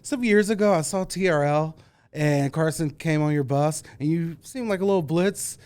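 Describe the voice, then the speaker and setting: A man in casual podcast conversation, an animated storyteller who acts out the voices of people he quotes. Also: on the high side, normal speed, clear, resonant tone. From Cincinnati area. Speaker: guest, former concert booker.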